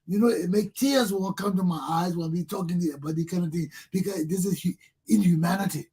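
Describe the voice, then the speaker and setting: A man's voice: sits high, brisk, warm tone, breathy edge. A man with a Liberian English accent hosting a talk show, giving impassioned political commentary and repeating himself as he addresses his listeners.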